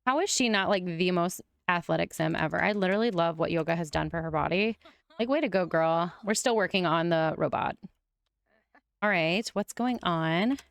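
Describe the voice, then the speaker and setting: Young woman, excited gameplay commentary, squealy outbursts, smooth voice with vocal fry, dry close sound. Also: fairly low pitch, normal speed, no echo. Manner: gushing, squealing bursts of excitement. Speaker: gaming YouTuber.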